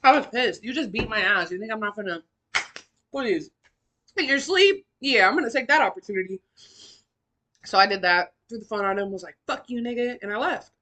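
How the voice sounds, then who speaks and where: A young woman talks straight to her listeners, blunt and full of swearing. Her voice is bright and forward, and it swings from low, quiet stretches up to loud, high bursts. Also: a little fast, long pauses. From California. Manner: blunt, profane, animated with big swings in pitch and loudness. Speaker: podcast host. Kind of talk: candid personal storytelling.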